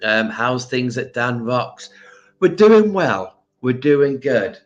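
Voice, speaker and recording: A man hosts a relaxed livestream, chatting with viewers as they join. He speaks at an unhurried pace and greets people by name. His speech is loose and hesitant, full of ums. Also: mid-range voice, lo-fi sound. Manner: slow, hesitant with frequent ums. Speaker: crystal shop livestream host. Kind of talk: casual livestream chat.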